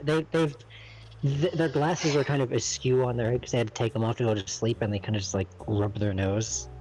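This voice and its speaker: A man's voice: medium pitch, a little mellow, slight background noise, poor audio. Hesitant casual man player. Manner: casual, hesitant, lots of likes. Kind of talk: casual tabletop game play.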